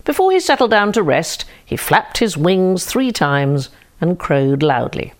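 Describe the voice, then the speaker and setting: A woman reading a storybook fable aloud in a slow, deliberate, expressive way. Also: lowish voice.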